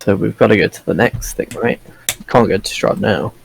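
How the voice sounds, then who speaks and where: A man's voice: fairly low pitch, a little fast, creaky, low-quality recording. A man playing a tabletop game, making offhand, brief remarks. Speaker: player. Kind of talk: casual tabletop game play.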